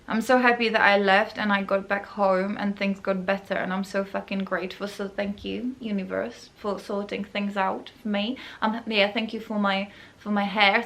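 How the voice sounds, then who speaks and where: A woman's voice: mid-range voice, a bit bright. A woman hosting a podcast, casually telling a personal story in a rambling way full of fillers. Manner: rambling, many fillers, acts out other people's voices. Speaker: podcast host.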